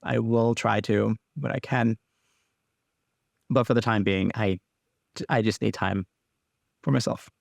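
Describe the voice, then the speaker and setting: A young man hosting his own podcast, talking candidly and haltingly, with frequent restarts and casual swearing. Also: on the low side, fairly even intonation, gravelly, no echo, studio quality. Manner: rambling, halting, restarts often. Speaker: podcast host. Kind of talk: candid personal podcast monologue.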